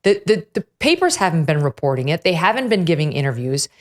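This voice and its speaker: Low-voiced woman host, animated storyteller. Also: quick pace. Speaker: show host. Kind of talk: political talk show conversation.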